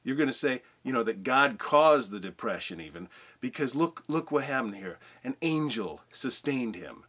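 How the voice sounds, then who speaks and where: A man's voice: medium pitch, lively intonation, normal speed, fairly bright tone, breathy edge. A man teaching informally on a Bible passage, reading scripture aloud and asking rhetorical questions.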